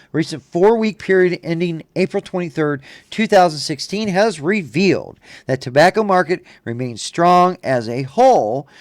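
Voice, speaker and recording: A man's voice: on the high side, no echo, clean studio sound. A man hosting a casual talk show, reading a news report and then ranting with lots of swearing. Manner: profane, ranting and indignant. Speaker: show host.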